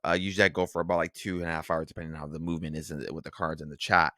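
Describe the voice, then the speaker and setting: A man's voice: rumbling low, flat delivery, very fast, pushed and bright, no room sound, studio quality. A man co-hosting a casual podcast, rambling with plenty of fillers, restarts and swearing. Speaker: podcast co-host.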